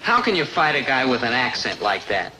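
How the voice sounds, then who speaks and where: An actor playing a wisecracking, lovelorn young American man in a dry, deadpan 1960s sitcom style. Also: medium pitch, brisk. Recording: noisy old TV soundtrack.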